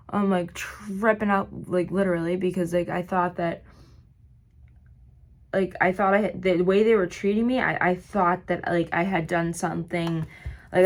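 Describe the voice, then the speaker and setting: A woman vlogging while doing her makeup, telling a long personal story in a rambling, filler-heavy way, her voice slightly hoarse. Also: fairly low pitch. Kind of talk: get-ready-with-me storytime.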